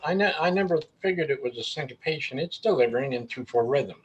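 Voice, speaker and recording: A square dance caller taking part in a video-call discussion, demonstrating calls by counting and chanting the beats. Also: male voice, medium pitch, animated, quick pace, lo-fi sound, a little hiss or hum. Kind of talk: online group discussion.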